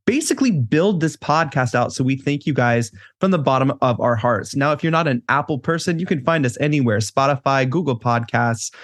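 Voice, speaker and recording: A man's voice: fairly high pitch, no room sound, clean studio sound. A man co-hosting a casual podcast, chatty and upbeat, laughing easily as he talks. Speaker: co-host.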